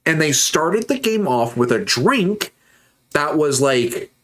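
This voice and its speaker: A man's voice: fairly high pitch, very animated, slow pace, fairly bright tone. A man chatting casually on a livestream while he builds models, rambling, joking and reacting to messages from chat. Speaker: streamer.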